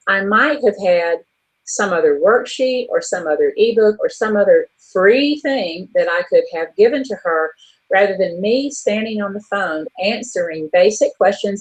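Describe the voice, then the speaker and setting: On a low-quality recording, a woman co-host of an online business show talks in a husky, mid-range voice. She's candid and chatty, clearly exasperated, as she relates an anecdote about a difficult contact in a relaxed monologue.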